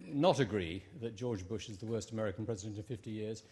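A man's voice: on the low side, fast, a little mellow, slightly rough. A man with a British accent giving a formal debate speech to a live audience, wry and dotted with ums and uhs.

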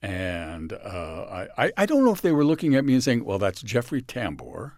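A man from San Francisco, a guest in an interview, telling personal stories in a halting, reflective way and dropping softly when he quotes others. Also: lowish voice, huge pitch swings, creaky, dry recording, clean studio sound. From San Francisco, USA. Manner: halting with restarts, soft dramatic dips when quoting others.

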